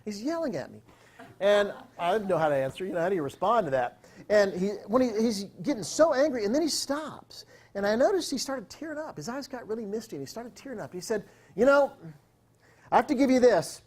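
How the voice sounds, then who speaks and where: A man speaking to an audience, recounting a story with energy and often slipping into the voices of the people in it. His voice sits a little high for a man. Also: fast. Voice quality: animated, acts out quotes. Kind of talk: storytelling talk.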